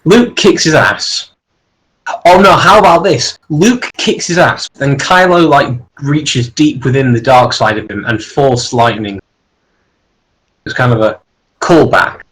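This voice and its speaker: A man's voice: mid-range voice, unhurried, a bit bright, poor audio. A man chatting casually with a friend, eagerly rambling through plot ideas he makes up as he goes.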